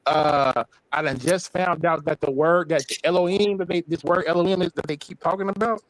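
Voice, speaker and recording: A man speaking as a guest on a casual live stream, earnest and halting, explaining as he goes. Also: a little high, fairly even intonation, no echo, low-quality recording.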